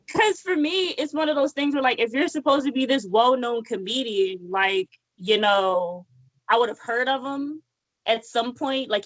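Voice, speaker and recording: A woman with a slightly high voice chats on a podcast in a loose, rambling way, full of "like" and blunt swearing. The sound is close and dry. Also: no echo, rough recording. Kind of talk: casual podcast chat.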